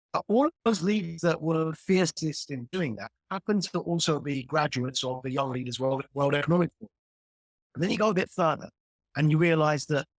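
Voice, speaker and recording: A man's voice: a little high, no room sound, studio quality. Emphatic man on a video call. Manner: emphatic, builds points with analogies and repetition. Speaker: guest commentator. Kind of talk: animated explanatory conversation.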